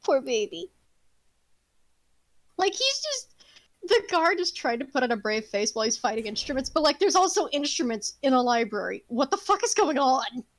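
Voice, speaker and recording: A woman narrating a tabletop game as game master, animated, laughing and casual. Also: high voice, normal speed, no echo, low-quality recording.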